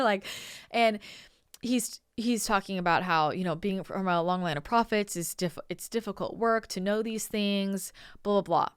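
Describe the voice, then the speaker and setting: Chatty and rambling, a show host and channeler from Northern California tells a story packed with "like" and "you know." She speaks at medium pitch and a moderate pace in a smooth voice, recorded clean in a studio with no room sound.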